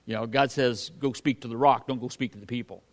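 A man giving a relaxed, conversational sermon in an average-pitched voice. He reads a passage and then talks it through in a folksy, halting way, full of fillers and restarts. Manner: reads scripture aloud then comments on it. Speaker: pastor. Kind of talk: conversational Bible teaching.

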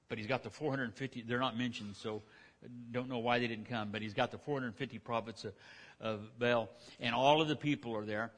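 A pastor preaching a sermon, retelling a scripture story in a folksy, conversational way with frequent restarts. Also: male voice, medium pitch, a bit bright.

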